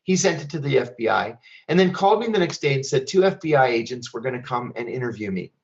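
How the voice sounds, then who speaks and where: A middle-aged American man calmly telling a first-person story in a measured, plainspoken way, as a guest speaker at an online event. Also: medium pitch, gravelly, muffled recording. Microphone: online event stream.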